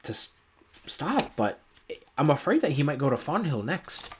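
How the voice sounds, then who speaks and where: A man voicing a shaken male villager from a farming town in a tabletop game, telling his story in a halting, nervous way. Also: a little high, very animated, crowd noise.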